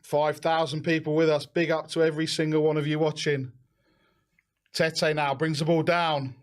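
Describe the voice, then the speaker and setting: A young man hosting a live football watch-along, excitable and shouting encouragement. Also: on the high side, moderate pace.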